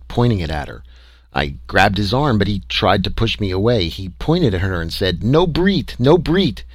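A man narrating a story in an expressive, dramatic reading style. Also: sits low, no room sound. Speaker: audiobook narrator.

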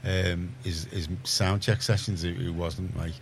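Liverpool man, radio host, very low voice, rambling chatty talk with faint background hiss. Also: flat delivery, measured pace. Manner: rambling, chatty, many restarts. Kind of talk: casual studio chat. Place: community radio studio.

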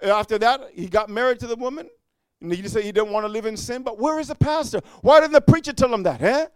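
A man preaching a fiery sermon, repeating "amen" and swinging from low muttering to shouting. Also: animated, fast, clear, resonant tone, no echo. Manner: repetitive call-and-response, frequent "amen".

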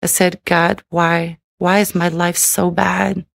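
A woman's voice: fairly low pitch, flat delivery, slow, gravelly, no echo, studio quality. A woman giving a personal faith testimony, speaking in a candid, earnest way and often adding "you know".

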